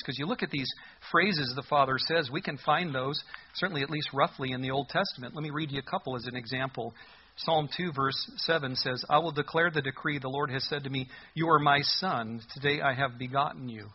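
Husky-voiced male preacher, lo-fi. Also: medium pitch. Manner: conversational preaching with humor and scripture reading. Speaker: pastor. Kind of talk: sermon.

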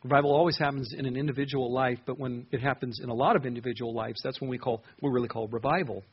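A man's voice: medium pitch, steady tone, fast talker, breathy edge, highs cut off. A man preaching an earnest sermon, reading scripture aloud and stressing words as he goes. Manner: earnest, reads scripture aloud with rising emphasis.

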